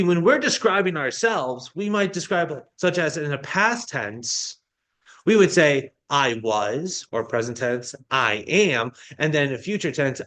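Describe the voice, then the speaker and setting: A man's voice: on the high side, a bit bright. A male pastor delivering a sermon, explaining a Bible passage in a teaching manner with frequent restarts.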